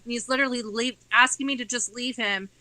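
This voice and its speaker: Bright, sharp-toned woman telling a story. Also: fairly high pitch, fairly even intonation, fast talker, no room sound, rough recording. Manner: candid, profane, tumbling run-on sentences. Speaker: guest author. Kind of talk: casual storytelling.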